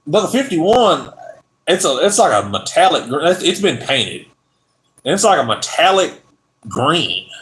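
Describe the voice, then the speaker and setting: A man's voice: mid-range voice, fairly bright tone. A man with a Southern US accent hosting a casual car livestream, rambling and trailing off mid-sentence. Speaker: car channel livestream host. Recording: echoey room.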